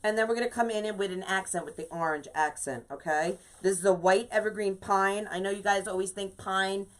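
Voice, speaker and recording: A woman's voice: mid-range voice, fairly quick. Chatty woman hosting a craft livestream. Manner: chatty, greets viewers by name, lots of "okay?". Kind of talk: casual live-stream craft tutorial.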